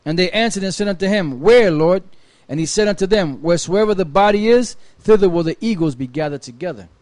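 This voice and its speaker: A man reading scripture aloud in a steady, measured way during a Bible study. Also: high voice, no room sound. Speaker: scripture reader.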